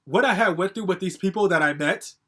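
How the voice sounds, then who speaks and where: A man's voice: high-pitched, fairly quick, sharp tone. A young man telling a personal story to camera in a casual, angry, profane rant full of fillers.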